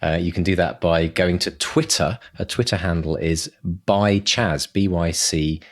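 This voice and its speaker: Very deep-voiced enthusiastic podcast host. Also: male voice, unhurried. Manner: enthusiastic, repeats "brilliant stuff". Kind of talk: casual podcast hosting.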